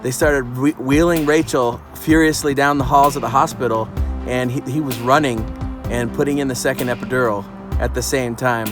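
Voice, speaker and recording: A man recounting his family's story in a steady, plain way, speaking as the father. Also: mid-range voice, normal speed. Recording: loud guitar music behind.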